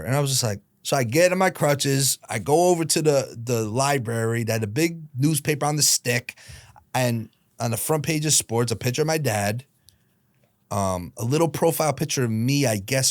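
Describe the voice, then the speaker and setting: A man in his late thirties, a guest on a podcast, telling a personal story in a lively way and acting out the voices of the people in it. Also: medium pitch, no room sound, studio quality. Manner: lively retelling, acting out quoted voices, quick asides. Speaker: guest, hockey team founder.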